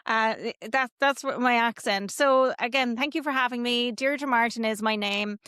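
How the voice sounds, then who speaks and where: A woman's voice: a little high, normal speed, a bit bright, smooth, no room sound, studio quality. A middle-aged Irish woman, a business coach, talking at length and with enthusiasm as a podcast guest. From Ireland. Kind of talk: podcast interview.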